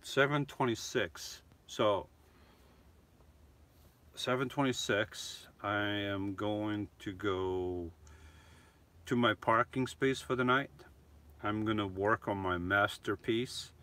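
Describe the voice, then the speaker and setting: Middle-aged male vlogger, lowish, bright-edged voice, rambly, self-correcting live-chat delivery. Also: takes it slowly, long pauses. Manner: chatty, rambling, frequent restarts and self-corrections. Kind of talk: casual live-stream chat.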